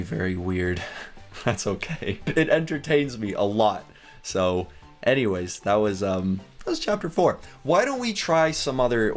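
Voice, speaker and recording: A chatty man reads fan fiction aloud with a casual, giggly manner and frequent asides. His voice sits at a middle pitch. Soft music plays faintly behind him. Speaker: YouTuber.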